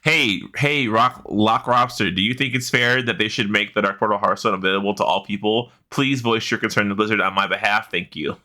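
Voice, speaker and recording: A man co-hosting a casual gaming podcast, excitable and quick to swear. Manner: excitable, swearing, jumps to loud high laughs. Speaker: podcast co-host. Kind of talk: casual chat.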